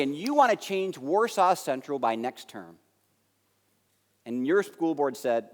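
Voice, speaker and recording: An American man giving a conference keynote, telling a story with lively acted-out dialogue that swings between loud and soft. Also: a little high, slow, long pauses. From United States. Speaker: keynote speaker. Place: large conference hall. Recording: long hall reverb.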